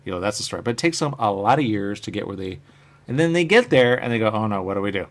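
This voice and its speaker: A man speaks fast and very animatedly at a medium pitch while hosting a live stream. He rambles casually about his comic covers, takes viewer comments, and often lets his phrases trail off softly.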